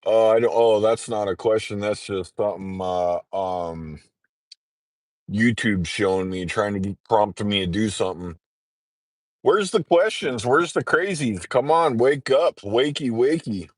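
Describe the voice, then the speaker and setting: A man in trucker training, chatting casually on a morning livestream, congested and rambling, clearing his throat often. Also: fairly low pitch, measured pace, dry recording. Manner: rambling, frequent throat-clearing and filler words.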